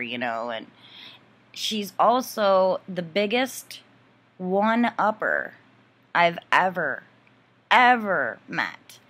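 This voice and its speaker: A woman ranting straight to camera in a casual storytime, swearing freely and sounding fed up. Her voice sits a little low for a woman but has a bright, forceful edge. She rambles and circles back with plenty of fillers. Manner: profane, exasperated and indignant. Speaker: vlogger.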